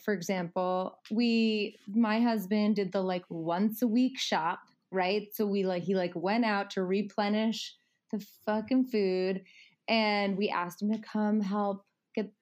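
A woman's voice: medium pitch, measured pace. A woman in her thirties talking casually as a podcast guest, rambling with many fillers and frequent laughs.

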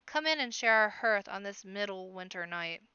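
A woman's voice: mid-range voice, expressive, moderate pace, pushed and bright, smooth, dry recording, dull audio. A woman voicing a burly male soldier rabbit guard who grumbles and gets flustered. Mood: grumbling.

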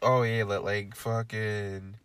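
A man's voice: on the low side, flat delivery, slow pace, fairly bright tone, clean tone. A young man in casual chat with friends who laughs a lot, repeats himself and swears. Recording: crowd noise behind.

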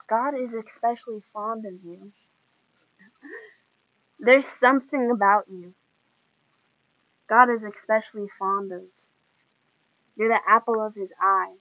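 A woman's voice: mid-range voice, a bit bright, no room sound. A woman hosting a podcast, giving an earnest, emotional devotional talk in a preaching manner. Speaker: podcast host. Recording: dull lo-fi dry sound.

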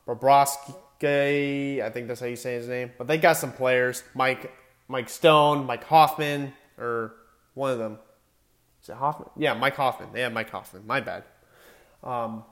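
Young male sports talker, casual and chatty, self-correcting, mid-pitch. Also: a bit bright. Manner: chatty, self-correcting, stumbles over names. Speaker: sports commentator. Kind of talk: casual hockey playoff predictions.

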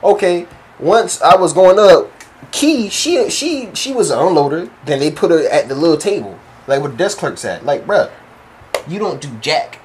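A young man chats casually and tells a story, his voice pitched a touch high. He acts out every quote in animated slang. Faint background noise runs under the recording. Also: normal speed.

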